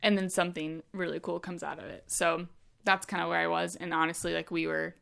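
Young woman, lowish voice, chatty storyteller, filler-heavy casual talk. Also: brisk, gravelly, clean tone. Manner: chatty, many fillers, animated retelling. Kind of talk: casual chat.

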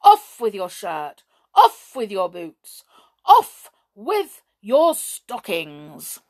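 A woman's voice: medium pitch, sing-song, unhurried. Woman voicing a stern fat little man, firm and bossy, storybook reading.

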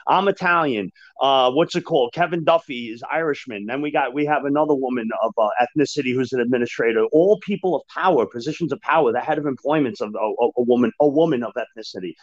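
A man speaking as a union manager and podcast guest, talking frankly and emphatically in an animated conversation. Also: mid-range voice, quick pace, few pauses, no room sound. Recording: dull lo-fi dry sound.

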